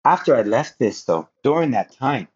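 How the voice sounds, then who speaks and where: A man's voice: mid-range voice, sing-song, normal speed, slightly rough. A man speaking as a podcast guest, telling a personal story in an earnest, rambling way with frequent restarts. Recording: dull lo-fi sound.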